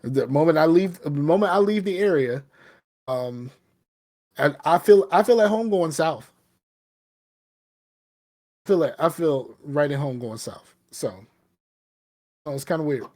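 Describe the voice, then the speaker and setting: A man's voice: fairly high pitch, lively intonation, dark tone. A man co-hosting a live podcast, chatting casually about video games with lots of ums and restarts. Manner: halting, lots of fillers and restarts. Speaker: podcast co-host. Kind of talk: casual gaming chat.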